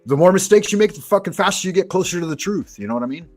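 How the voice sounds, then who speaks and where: A man's voice: high-pitched, lively intonation, racing, soft background music. A man from Southern California hosting a casual chat, telling rambling, profane anecdotes. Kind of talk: casual conversational storytelling.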